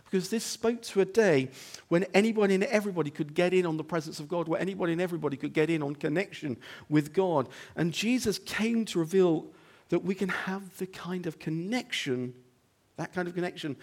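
A male pastor delivers a sermon in his church, chatting with the congregation through rhetorical questions and quick "okay?" checks. His voice sits a little higher than most men's. He sinks into quiet, low passages, then builds to loud, emphatic ones. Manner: conversational preaching, frequent "okay?" asides and rhetorical questions; swings between hushed low moments and loud emphatic stretches.

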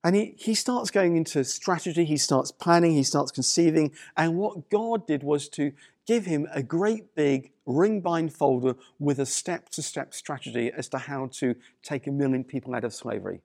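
A man's voice: on the high side, normal speed, vocal fry, darkish tone, no room sound, studio quality. A man preaching a sermon to people watching at home. He speaks with emphasis and repeats key phrases. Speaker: pastor.

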